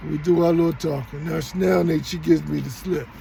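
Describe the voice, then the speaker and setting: A man's voice: a little high, steady tone, a little fast, gravelly, dark tone, a little hiss or hum, low-quality recording. A middle-aged man telling a rambling story straight to his viewers, often repeating and restarting himself. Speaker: vlogger. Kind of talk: casual storytelling monologue.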